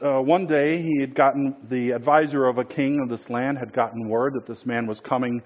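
Brief: male preacher, mid pitch, relaxed storytelling, filler-heavy delivery, dull recording. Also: brisk. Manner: casual, many fillers and restarts. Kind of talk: sermon with storytelling.

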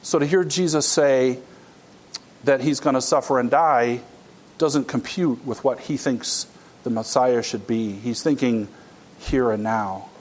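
A man's voice: medium pitch, unhurried. A man preaching a conversational sermon, explaining a scripture passage and acting out quoted dialogue. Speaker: pastor.

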